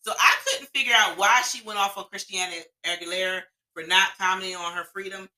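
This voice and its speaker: Bright-voiced blunt woman co-host. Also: mid-range voice, steady tone, brisk, low-quality recording. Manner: blunt, opinionated, swears freely. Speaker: podcast co-host. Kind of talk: casual chat.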